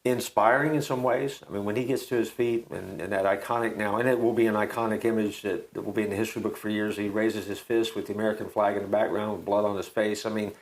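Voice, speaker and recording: Male co-host, reflective and halting, gravelly texture. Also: lowish voice, fairly even intonation, poor audio. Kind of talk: casual chat.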